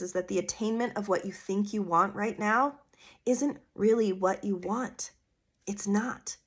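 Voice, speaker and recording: A woman hosting her own astrology podcast, talking in an earnest, coaching way with casual asides and rhetorical questions. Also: mid-range voice. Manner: casual with fillers like "vibe" and "you know". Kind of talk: solo podcast monologue.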